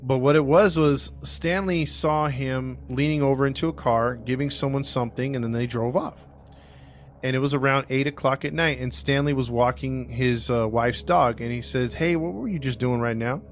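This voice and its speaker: A man's voice: mid-range voice, fairly even intonation, moderate pace, a little hiss or hum. A man hosting a podcast, casually retelling a true crime case with lots of fillers and restarts, acting out the quotes as he goes. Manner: rambling, with many fillers and restarts; acts out quotes in his retelling. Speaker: podcast host narrating the case.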